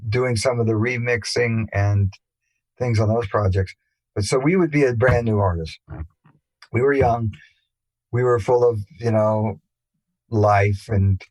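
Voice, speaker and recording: An older man, a musician guest, telling rambling anecdotes in a relaxed interview, with many fillers and restarts. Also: mid-range voice, dry recording, poor audio. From England.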